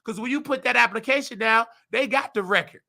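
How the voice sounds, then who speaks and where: A hoarse man hosting his own show, ranting heatedly and preaching to the listener, acting out the people he quotes. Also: extremely high pitch, fairly quick, pushed and bright. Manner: preachy, heated, acts out quoted voices, calls listener baby. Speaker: show host. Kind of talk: animated personal rant.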